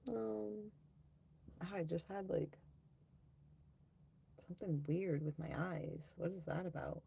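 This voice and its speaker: Slow, gravelly-voiced woman streamer. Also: lowish voice, warm tone, a little hiss or hum. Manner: rambling, offhand, quick to laugh at herself. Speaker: livestream host. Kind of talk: casual live-stream chat, reading viewer comments aloud.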